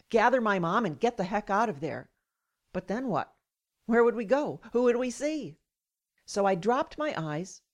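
Woman narrating a personal story, wry, indignant edge. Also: medium pitch. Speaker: patient advocate.

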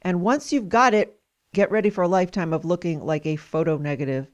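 A woman hosts a trivia game, cheerfully reading facts aloud to her guests and laughing often. Her voice is on the low side and her delivery is brisk.

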